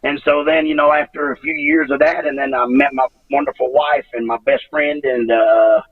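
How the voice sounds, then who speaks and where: A man in his fifties, a retired wrestler giving an interview, talking in a halting, emotional way, repeating himself and swearing freely. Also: fairly high pitch, level tone, breathy edge, no echo, far from the mic, phone-quality sound. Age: 50s. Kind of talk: emotional interview over a call.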